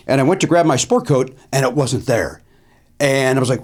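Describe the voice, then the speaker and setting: A comedian host telling a casual anecdote with animated delivery, repeating phrases and dropping in lots of "uh" fillers. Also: male voice, mid-range voice, brisk.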